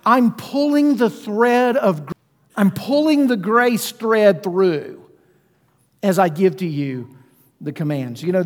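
A man preaching a sermon as pastor, talking conversationally and putting questions to his listeners. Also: on the high side. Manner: conversational, asks the congregation questions. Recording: long reverb of a church hall.

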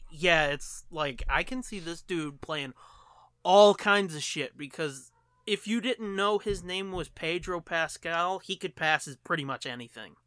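A man co-hosts a podcast in loose, animated banter, tossing out jokes and quick impressions. His voice sits fairly high with a bright, ringing tone. The sound is dry and close to the mic. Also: smooth, no room sound. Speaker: podcast co-host. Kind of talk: casual chat.

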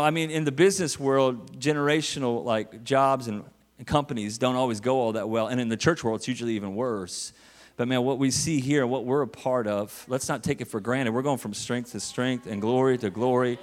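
Fired-up preacher in an echoing church. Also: male voice, medium pitch. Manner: energetic, joking preaching with rising exclamations. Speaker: guest preacher. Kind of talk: sermon. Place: large church auditorium. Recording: long hall reverb with faint music.

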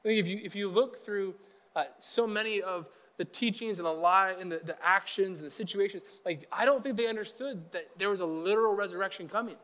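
A man's voice: high-pitched, fairly quick, a bit bright. A man preaching a casual, conversational sermon as pastor, chatty and acting out quotes from Bible figures in everyday speech.

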